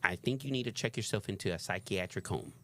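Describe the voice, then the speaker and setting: A man's voice: on the low side, quick pace. A man co-hosting a reaction video, giving emphatic commentary and swearing freely. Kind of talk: casual opinionated commentary.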